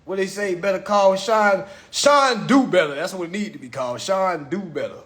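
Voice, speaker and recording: A man's voice: high voice, moderate pace, a bit bright. A man hosting a livestream on his phone, lecturing in a profane, mocking way and repeating himself. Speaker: livestream host. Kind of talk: casual livestream rant.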